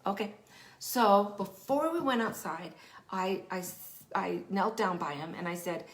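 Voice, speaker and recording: A woman of middle pitch talks through parenting advice in a lively, animated way. She acts out children and parents as she quotes them and sometimes drops to a hushed whisper to stress a point. The voice sounds roomy, with a clear echo around it. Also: measured pace. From Denver area, United States. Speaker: parenting specialist, teacher. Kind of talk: casual explanatory advice talk.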